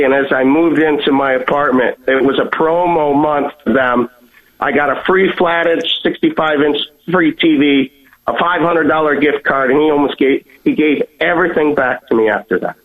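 A man on a tinny phone line tells a personal story, his voice a touch high. He talks earnestly and often stumbles and repeats his words. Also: steady tone, normal speed. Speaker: guest sharing a testimony.

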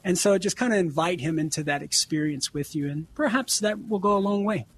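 Man, husky tenor, earnest explainer on call-in radio. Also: sits high, a little fast. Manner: earnest, explanatory, acts out quoted dialogue. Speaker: guest apologist answering callers.

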